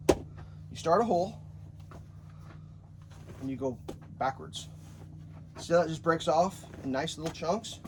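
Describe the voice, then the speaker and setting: A slightly high-voiced man giving a blunt, profane, joking walkthrough outdoors at a building site, shovel in hand. Faint outdoor noise sits behind his voice, caught on a handheld camera. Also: expressive, unhurried, long pauses. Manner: blunt, joking, swears freely. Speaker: home builder. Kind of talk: casual how-to vlog. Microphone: handheld camera, some of it filmed one-handed by himself.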